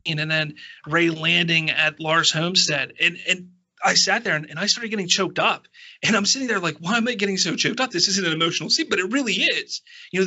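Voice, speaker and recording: A man's voice: sits high, pushed and bright, lo-fi sound. A man hosting a podcast, talking earnestly and from the heart, stammering through restarts. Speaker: podcast host. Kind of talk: casual chat.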